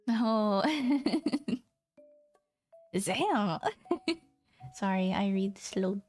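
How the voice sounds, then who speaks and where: A woman's voice: mid-range voice, lively intonation, very slow, long pauses, darkish tone, faint music behind. A woman streamer chatting casually with her viewers, playful and teasing, laughing often. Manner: giggly, playful and teasing, talks straight to viewers.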